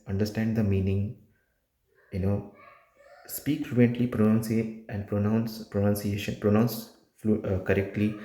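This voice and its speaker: A man with a lowish, mellow voice coaches students for an exam in an informal, repetitive way. He stresses points emphatically and often restarts his sentences. The sound carries an echo of the room. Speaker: test prep tutor.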